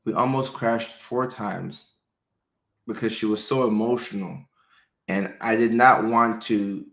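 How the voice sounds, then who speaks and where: A male doctor and show host telling casual personal stories, animated, slipping into playful voices for quotes. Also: on the low side, a little slow. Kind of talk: casual storytelling. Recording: roomy echo.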